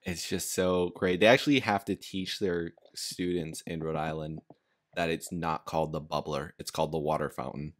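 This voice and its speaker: A man's voice: very deep voice, steady tone, normal speed. A man hosting a casual podcast chat, rambling along with frequent laughs and fillers. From United States. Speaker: podcast host.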